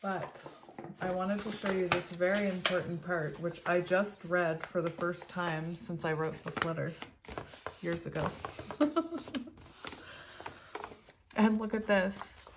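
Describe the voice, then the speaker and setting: A woman's voice: lowish voice, fairly even intonation, slow, pauses often, background noise. A woman doing a casual spiritual tarot reading, chatty and rambling, laughing often as she talks. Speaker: tarot reader.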